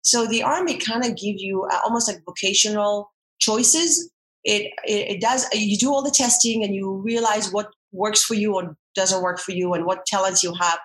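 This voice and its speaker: A middle-aged woman, a former dancer and army veteran, chatting as an interview guest with many restarts and animated storytelling. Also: medium pitch, normal speed, roomy sound, poor audio. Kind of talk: casual interview chat.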